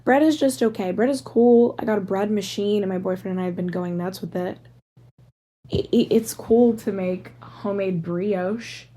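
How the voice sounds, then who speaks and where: A woman's voice: mid-range voice, normal speed, mellow. A woman in her thirties hosting a solo podcast, rambling casually through tangents with lots of "like" fillers. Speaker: podcast host.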